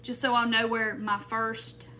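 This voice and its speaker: A woman's voice: a little high, level tone, unhurried, bright, forceful tone, slight background noise. A woman hosting a live craft stream, rambling and thinking aloud as she works and greets viewers by name. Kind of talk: casual craft tutorial chat. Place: home craft room.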